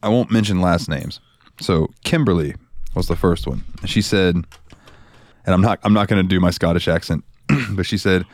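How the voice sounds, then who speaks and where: A man from the United States co-hosting a podcast in a loose, profane, animated chat. His voice sits on the low side. The sound is close and dry. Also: normal speed, dry recording. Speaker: podcast co-host. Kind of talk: casual chat.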